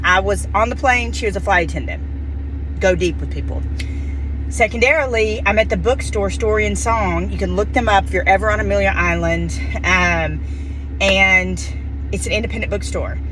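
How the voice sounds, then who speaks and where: A mid-pitched woman talks casually, as if to friends, spinning everyday stories. She rambles, restarts, and drops in fillers as she goes. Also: noisy background. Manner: chatty, warm storyteller with many fillers and restarts. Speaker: vlogger sharing daily stories. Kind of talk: casual chat to camera.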